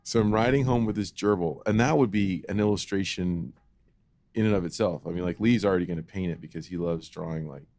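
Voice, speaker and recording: A man co-hosting a podcast, telling a childhood story in an animated, casual way and acting out the voices. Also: sits low, a little fast, dry recording. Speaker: podcast co-host.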